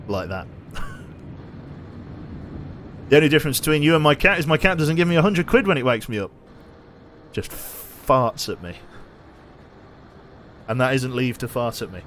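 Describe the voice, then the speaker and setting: A man's voice: mid-range voice, fairly bright tone, a little hiss or hum. A man chatting casually while streaming a game, rambling with lots of fillers and restarts. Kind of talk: casual gaming livestream commentary.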